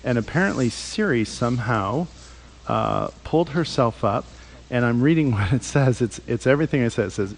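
A man's voice: mid-range voice, lively intonation, moderate pace. A man hosting a radio show, chatting loosely in the studio, rambling and laughing as he asks questions. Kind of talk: casual studio chat.

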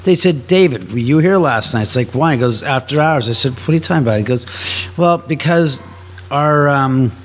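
Male storyteller, lively and animated, acts out the voices he quotes. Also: mid-range voice, normal speed. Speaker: homeowner telling ghost stories. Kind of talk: live podcast storytelling. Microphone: shared studio mic.

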